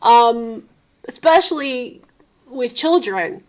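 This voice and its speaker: A woman's voice: on the high side, expressive, slow. A sleep-deprived woman, a parent, venting in a casual vlog with profane, exasperated rants. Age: adult parent. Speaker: vlogger.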